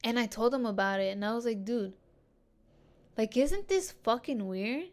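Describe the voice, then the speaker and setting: Speaking at a normal speed in a fairly high voice, this podcast host shares a personal story, thick with slang and swearing. She addresses her listeners as dude and girls.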